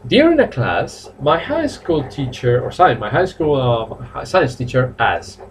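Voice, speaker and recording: A man with a Spanish accent teaching a live online English class, praising students and repeating their sentences slowly. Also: a little high, big pitch swings, slight background noise. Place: home or academy room, online stream.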